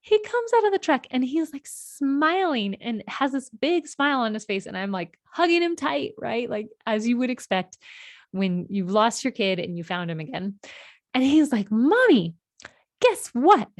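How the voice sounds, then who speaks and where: Expressive and fairly high-pitched, a podcast host in her thirties recounts something personal at a moderate pace, casual and emotional with frequent fillers. The recording is dry, with clean studio sound.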